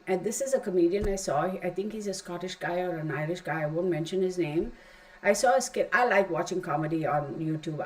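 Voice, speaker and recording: A woman's voice: fairly low pitch, poor audio. A middle-aged woman teaching a tarot class in a casual, rambling way, with emphatic asides.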